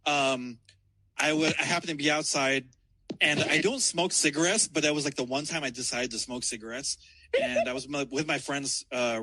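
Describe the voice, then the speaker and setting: A man's voice: mid-range voice, sharp tone, no echo, poor audio. Rambling, profane man telling a story. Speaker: caller. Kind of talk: casual storytelling. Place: outdoors in a city downtown.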